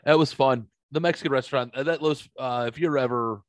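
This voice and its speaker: A podcast host with a mid-range voice tells a rambling story fairly quickly, full of swearing and filler words. It's casual storytelling chat, and there's no echo on the recording.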